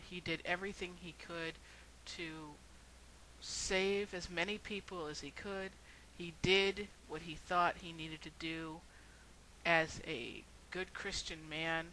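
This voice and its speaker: Slow-spoken, earnest woman. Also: lowish voice, bright, forceful tone, slight background noise, poor audio. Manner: earnest, rhetorical. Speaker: video blogger. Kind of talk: storytelling and earnest argument.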